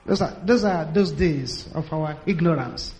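A man's voice: on the high side, measured pace, noisy background. A man preaching a sermon, telling stories with drama and acting out the voices of the people in them. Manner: dramatic storytelling, acts out quotes, builds to shouted prayer. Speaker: pastor.

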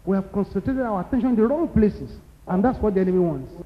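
A man with a Nigerian accent preaching a sermon, emphatic and repetitive, building to loud exclamations. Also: sits high, animated, fast. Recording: dull lo-fi recording in a reverberant hall.

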